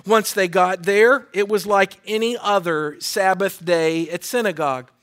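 A man's voice: sits high, steady tone, unhurried, a bit bright. A male pastor giving a sermon, reading scripture and preaching in an earnest style with call-and-response to his church. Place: church sanctuary.

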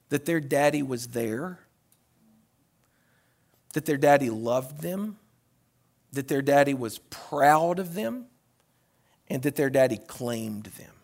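A man preaching a sermon as a pastor, shifting between loud hollering and hushed tones and often repeating words as he restarts phrases. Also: fairly high pitch.

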